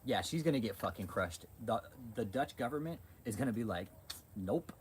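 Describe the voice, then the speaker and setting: A man's voice: mid-range voice, expressive, a little fast, slight background noise. A man hosting a livestream, ranting in a heated, profane, repetitive way. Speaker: channel host.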